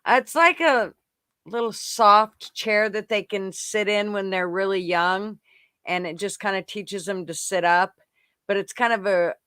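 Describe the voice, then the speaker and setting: A man's voice: high voice, unhurried, bright, forceful tone, clean tone, dry recording. An older man and grandparent hosting a casual livestream chat, gushing and giggly, rambling as he talks.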